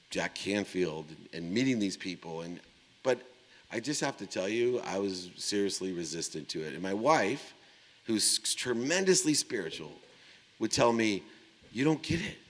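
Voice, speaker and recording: A middle-aged man from Ohio telling a story in a keynote speech, acting out the dialogue with big swings in pitch and volume. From Ohio, USA. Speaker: keynote speaker. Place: large conference hall. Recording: long hall reverb.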